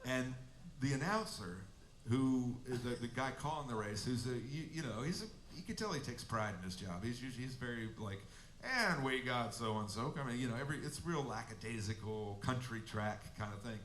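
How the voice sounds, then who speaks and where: A man's voice: mid-range voice, animated, a little fast, a little hiss or hum. A male musician telling a casual, rambling anecdote between songs at a live venue, through a stage mic. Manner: rambling, amused storyteller. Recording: echoey live room with band.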